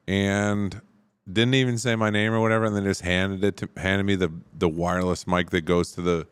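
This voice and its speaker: A man's voice: low voice, fairly even intonation, fairly quick, clean tone, no echo. A male comedian, a guest telling a story in a laid-back casual chat. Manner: laid-back, says dude a lot.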